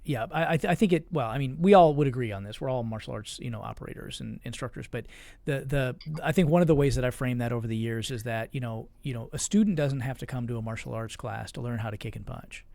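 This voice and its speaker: A man's voice: medium pitch, fast talker, vocal fry, darkish tone. A man interviewing a guest in a casual conversation, prompting him with questions and agreeing often, with frequent restarts.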